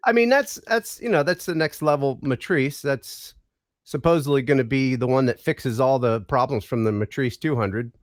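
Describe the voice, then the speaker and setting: A man's voice: medium pitch, moderate pace, no room sound, studio quality. A man guesting on a live stream, joking playfully in casual chat over a video call. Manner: jokey, playful, mock-Australian quips.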